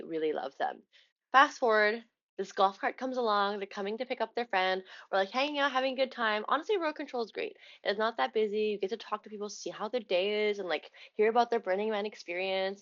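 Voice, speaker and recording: A young woman vlogging, telling a story in a chatty, animated way and acting out the dialogue. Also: medium pitch, highs cut off. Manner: chatty, animated retelling with quoted dialogue and laughs. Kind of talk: casual storytelling vlog.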